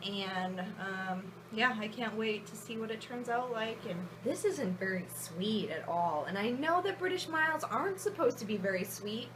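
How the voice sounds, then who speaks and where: A woman's voice: medium pitch, fairly bright tone, slight background noise. Chatty woman homebrewer rambling aloud. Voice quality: chatty, rambling, self-deprecating. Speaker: home brewer. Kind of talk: casual brew-day vlog chat.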